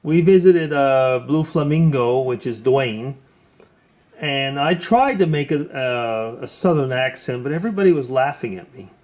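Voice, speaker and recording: A man's voice: mid-range voice, animated, moderate pace, darkish tone. A man hosting a casual video chat, talking hesitantly with many fillers. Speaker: host.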